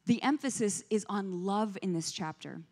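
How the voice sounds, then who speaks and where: A woman's voice: mid-range voice, moderate pace, a little mellow. Woman preaching in a reverberant church. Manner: storytelling, asks the audience questions. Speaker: guest speaker, pastor's wife. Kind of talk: conversational sermon. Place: church sanctuary, indoors. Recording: long reverb of a church hall.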